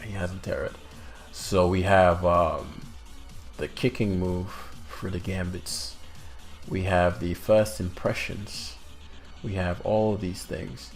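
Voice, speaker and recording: A man with a low voice commentates his own competitive game casually in a put-on British-sounding accent. He swears now and then and bursts into sudden loud outbursts.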